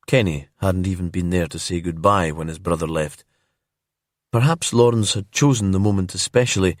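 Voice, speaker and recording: A man narrating a crime story in a calm, slow and immersive storytelling manner. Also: sits low, dry recording, clean studio sound.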